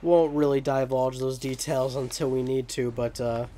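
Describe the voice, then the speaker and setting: A man's voice: mid-range voice, flat delivery, moderate pace, mellow. A young man giving rambling, joking commentary over gameplay, with profane asides. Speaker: let's play commentator.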